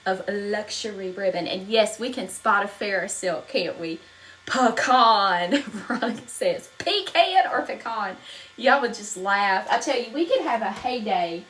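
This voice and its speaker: A woman's voice: medium pitch, slight background noise, low-quality recording. A woman from North Carolina with a Southern accent, chatting casually while teaching wreath making on a live stream and greeting viewers by name. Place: home craft room.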